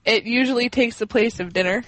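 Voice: medium pitch, brisk, a bit bright, no echo, low-quality recording. Hesitant laughing panelist, dry sound. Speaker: quiz panelist. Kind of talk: casual podcast chat.

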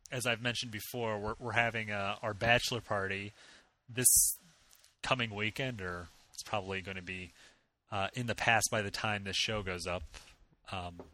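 A man's voice: lowish voice, fairly even intonation, normal speed, pushed and bright. A young man hosting a casual podcast chat, teasing his co-hosts, laughing often and restarting his sentences. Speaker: podcast host.

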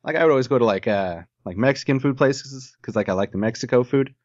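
A man co-hosts a podcast in loose, rambling chat, cracking jokes and swearing now and then. His voice sits at an everyday pitch. The recording is dry and a little dull, with a lo-fi sound. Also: fast talker, a little mellow, no echo. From Ohio, US. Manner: rambling, jokey, swears casually. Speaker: podcast co-host. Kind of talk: casual chat.

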